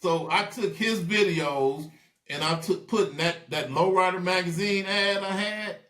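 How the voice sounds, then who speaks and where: A man telling stories in a casual interview, animated and acting out the voices of people he quotes. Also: high voice, unhurried, roomy sound. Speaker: guest.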